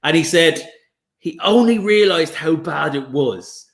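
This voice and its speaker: A man chatting as a guest comedian, telling lively anecdotes with swearing and restarts over a video call. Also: fairly high pitch, measured pace, creaky. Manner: animated storyteller, swears, restarts. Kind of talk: casual chat, anecdotes. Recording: echoey room.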